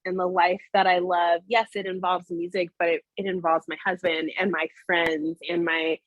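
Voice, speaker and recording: A woman's voice: lowish voice, little pitch movement, normal speed, no echo, dull audio. A woman in her thirties, a music executive, speaking candidly in an interview, earnest and filling her talk with "like". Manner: earnest and emotional, many "like" fillers. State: tearful, voice breaking. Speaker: music industry executive, guest.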